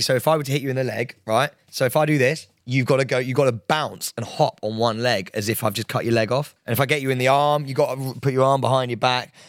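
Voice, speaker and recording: A man co-hosting a podcast, explaining things with excitable, playful run-on chatter. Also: mid-range voice, dry recording, clean studio sound. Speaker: podcast co-host. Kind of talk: casual banter.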